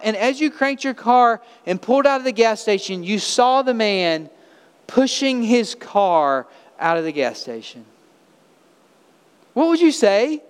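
A male pastor delivers an emphatic sermon full of rhetorical questions. His voice sits high and rings clear. It carries the long reverb of a church hall. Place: church sanctuary.

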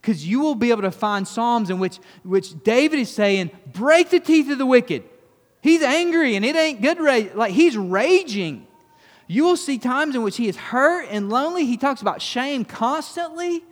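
A pastor giving a conversational sermon that turns emphatic, then closes in quiet prayer. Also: male voice, very high voice, expressive, normal speed. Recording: long reverb of a church hall.

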